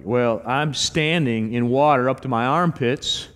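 A man's voice: mid-range voice, unhurried, clear, resonant tone. A middle-aged man preaching a sermon as a pastor, telling stories with acted-out quotes. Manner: animated storytelling with acted quotes. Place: church sanctuary. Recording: long church hall reverb.

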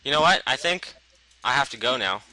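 A man's voice: mid-range voice, expressive, brisk, bright, forceful tone, rough recording. A man chatting casually while playing a co-op game, joking and reading signs aloud. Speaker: gamer. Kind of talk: casual co-op gameplay chat.

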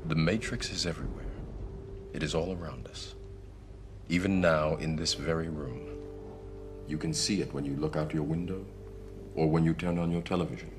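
An actor playing a calm, grave male mentor in a film, speaking slowly and measuredly and sinking to near whispers. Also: rumbling low, music in the background. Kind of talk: film dialogue.

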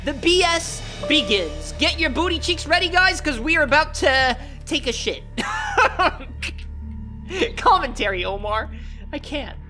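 A young man commenting on a horror game, joking and shouting at the scares. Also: very high voice, big pitch swings, takes it slowly, faint music behind. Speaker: gaming commentator.

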